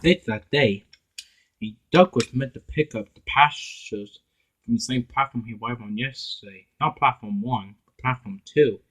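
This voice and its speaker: A man with a somewhat husky voice narrates a homemade story. He stumbles and restarts often, with a middle-pitched, unpolished read. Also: fairly bright tone, rough recording. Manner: halting, frequent restarts and slips. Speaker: narrator and voice of all characters. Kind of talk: amateur fan story narration.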